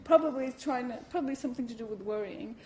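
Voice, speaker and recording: A woman giving a talk at a Buddhist centre, telling a personal story in a lively way, acting out her reactions and saying "you know" often. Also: a little high, fast talker, low-quality recording.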